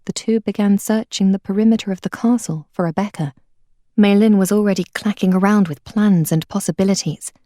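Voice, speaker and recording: A woman narrating an audiobook in an expressive storytelling manner. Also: mid-range voice, brisk, no echo, clean studio sound. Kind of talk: audiobook reading.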